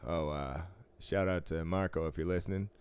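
Man, 30s, podcast co-host: very low, smooth voice, loose and profane. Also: fairly even intonation, moderate pace, darkish tone, no room sound. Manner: laid-back, swears freely, laughs often. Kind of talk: casual chat.

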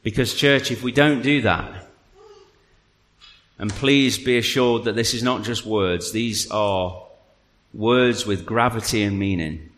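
A man preaching a sermon to a congregation, telling the story with animated energy and then dropping to a quiet, earnest appeal. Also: fairly low pitch, takes it slowly. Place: church hall. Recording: long reverb of a large hall.

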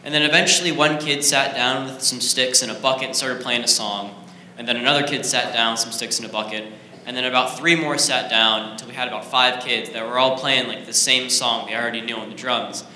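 A man's voice: medium pitch, steady tone, a little fast, pushed and bright. A man casually telling a church testimony in loose, laid-back phrasing. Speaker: student sharing a testimony. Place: church sanctuary. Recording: echoey hall, faint noise.

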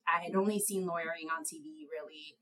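A young woman speaking as an interview guest. Her voice sits a little low for a woman, though she calls it high, and she tells her stories in a lively, self-mocking way, laughing along. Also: brisk, poor audio. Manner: animated storyteller, laughs at herself, high light voice. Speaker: guest, attorney. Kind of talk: conversational interview.

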